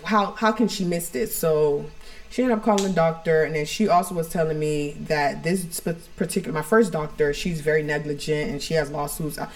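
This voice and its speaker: A woman's voice: deep voice, a little fast, a little mellow. A woman co-hosting a podcast from home, telling a personal story in a frank, rambling way full of "like" and "you know". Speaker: podcast co-host.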